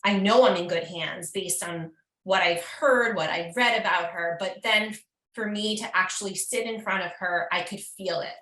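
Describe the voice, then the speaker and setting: Bright-voiced woman recalling her care. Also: mid-range voice, normal speed, reverberant, low-quality recording. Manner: earnest, reflective, frequent ums. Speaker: breast cancer survivor, patient. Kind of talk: heartfelt personal account.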